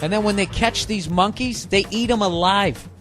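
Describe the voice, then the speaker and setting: A man's voice: high voice, normal speed, fairly bright tone, faint music behind. A male comedian on a podcast, delivering a heavily profane, sarcastic rant in a hot indoor room.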